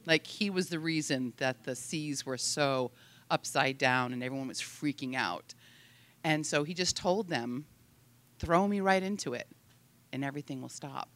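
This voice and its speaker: A woman sharing a devotional thought in a casual, rambling way, often laughing. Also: low voice. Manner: giggly, rambling, lively.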